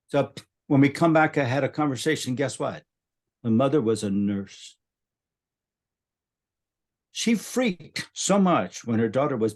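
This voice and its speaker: A man's voice: a little high, a little mellow. An older man, a spiritual teacher, telling a story in conversation and acting out the voices he quotes.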